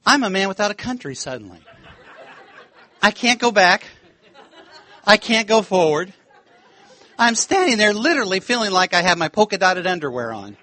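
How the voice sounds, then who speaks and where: Bright-voiced, animated male preacher. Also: high-pitched, moderate pace, long pauses. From United States. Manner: animated, laughing, acts out quoted voices. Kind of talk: sermon with storytelling. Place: church.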